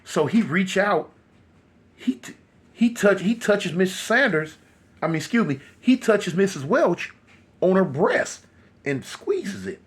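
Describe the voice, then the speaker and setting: Husky, animated male storyteller. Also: sits high, a little slow. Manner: animated, loose, filler-heavy. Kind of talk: casual spoken horror story.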